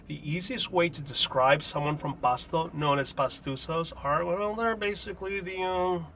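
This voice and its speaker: A man's voice: a little high, moderate pace, a bit bright, a little hiss or hum. A man, a native Spanish speaker, hosting a comedic language lesson with wry, jokey asides. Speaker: host.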